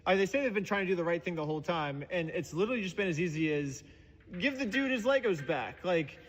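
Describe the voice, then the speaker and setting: A man's voice: sits high, lively intonation, quick pace, long reverb tail, a little hiss or hum, rough recording. A man telling his side in casual chat, rambling and sarcastic. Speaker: video creator explaining his story.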